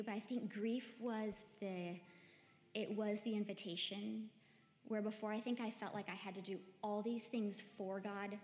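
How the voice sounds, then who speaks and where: A woman giving a chatty, conversational sermon to a church gathering, often saying "like". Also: mid-range voice. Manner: chatty, warm-hearted, peppered with "like". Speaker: church speaker. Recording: echoey hall with long reverb, faint music.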